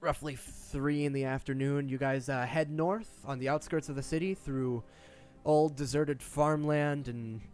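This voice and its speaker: A young man narrating a tabletop game as game master, rambling with many pauses and restarts. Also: mid-range voice, darkish tone.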